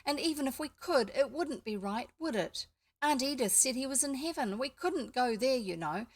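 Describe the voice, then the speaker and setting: A woman's voice: sits high, expressive, moderate pace, voice pushed up. A woman voicing a timid, emotional young girl. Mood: pleading. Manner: timid, tearful.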